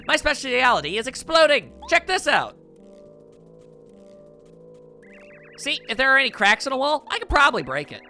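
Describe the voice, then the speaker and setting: A man voicing a spunky, quick-tempered young female bomb creature from a video game, pitching his voice up high. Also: big pitch swings, vocal fry, bright, forceful tone, soft background music, heavily acted. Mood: eager.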